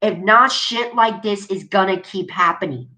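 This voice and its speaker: A woman's voice: medium pitch, moderate pace, pushed and bright, low-quality recording. A woman vlogger delivering an angry, profane video rant, repeating her points with indignation.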